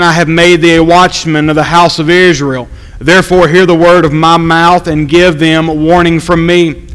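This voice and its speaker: A man preaching an evening sermon, reading scripture aloud and slowly repeating his key points for emphasis. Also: fairly high pitch, fairly bright tone, clean tone, in a large hall, rough recording.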